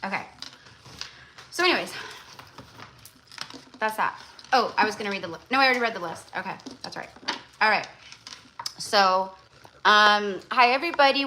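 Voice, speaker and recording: A woman's voice: mid-range voice, moderate pace, long pauses, bright, forceful tone, a little hiss or hum, poor audio. A woman hosting a tarot-reading livestream. She chats casually and rambles, with lots of fillers and restarts. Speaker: tarot reader and livestream host.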